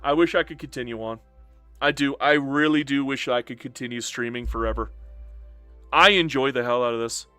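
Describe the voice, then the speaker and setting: A man's voice: medium pitch, brisk, smooth, no room sound, soft background music. A man streaming a strategy game live, chatting casually with his viewers and a little emotional and upset. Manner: animated, talks straight to chat, swings from joking to earnest.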